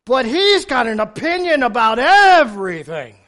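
An older man preaching a sermon in church, telling humorous stories with sudden loud emphasis. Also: extremely high pitch, sing-song, normal speed.

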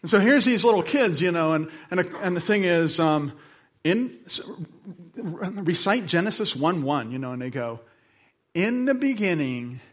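Dynamic storytelling male pastor. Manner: dynamic delivery, swinging between soft lows and emphatic highs; conversational storytelling with asides. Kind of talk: sermon.

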